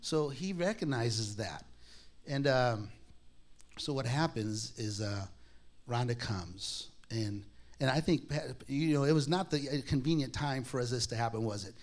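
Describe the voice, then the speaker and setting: A man's voice: medium pitch, lively intonation, a little slow. A man telling a personal testimony to a congregation in a conversational, self-deprecating way, acting out the dialogue he quotes. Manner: frequent restarts and laughs. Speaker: speaker sharing a personal testimony. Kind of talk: sermon-style personal storytelling.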